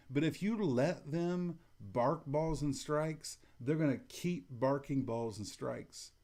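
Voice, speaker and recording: A middle-aged man talks umpires through handling coaches in a calm, matter-of-fact way. His voice is mellow and warm rather than bright, and when he acts out what to say on the field, his tone stays level and unhurried. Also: mid-range voice. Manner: calm, matter-of-fact, demonstrates lines in a flat even tone. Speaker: umpire instructor. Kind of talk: instructional talk to umpires.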